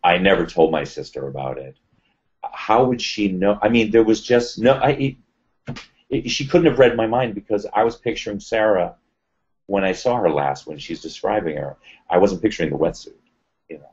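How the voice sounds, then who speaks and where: A man telling a personal story as an interview guest, animated and acting out the voices of others. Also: on the low side, moderate pace. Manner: animated retelling, acts out quoted voices. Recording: dull lo-fi sound.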